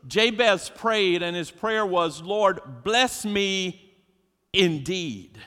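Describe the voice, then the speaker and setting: A man's voice: high voice, extremely slow, fairly bright tone. A man preaching a sermon as pastor, emphatic and preacherly, putting questions to his congregation. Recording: long hall reverb.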